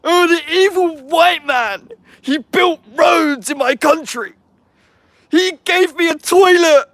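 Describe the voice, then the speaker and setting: A man putting on a slow, whining voice to mock a complaining grown man. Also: fairly bright tone, no room sound, full character voice. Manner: high mocking whine, slow drawl.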